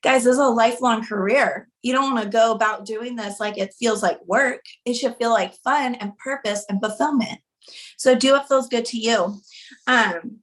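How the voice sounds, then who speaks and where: A woman with a somewhat high voice speaks straight to her audience as a livestream co-host. She sounds encouraging and direct, pushing her viewers to keep going. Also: fairly bright tone, low-quality recording. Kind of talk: motivational talk.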